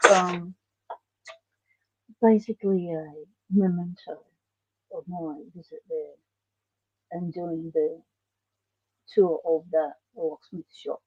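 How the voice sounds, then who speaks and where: Aussie woman rambling on a livestream, gravelly voice, dull lo-fi sound, dry. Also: lowish voice, mellow, no echo. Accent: Australian. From Australia. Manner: chatty, rambling, answers viewer comments. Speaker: livestream host. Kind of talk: casual livestream chat. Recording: dull lo-fi stream audio.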